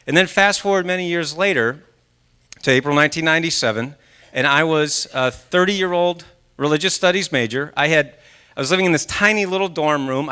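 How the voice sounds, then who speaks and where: A man's voice: a little high, pushed and bright. A man in his forties from Maine, a guest speaker giving a motivational talk at a church service. He tells his story with animation, acts out his own inner voice, and draws the audience in with questions. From Maine, USA. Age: 40s. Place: church sanctuary during a live service.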